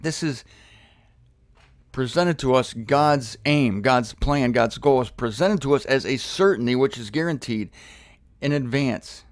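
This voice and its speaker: A man gives an animated scripture lesson, piling up repeated words and stressing them as his excitement builds. His voice sits at an ordinary middle pitch. It is recorded close and dry, with no room sound. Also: a little slow, no echo. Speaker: Bible teacher. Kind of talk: energetic scripture teaching.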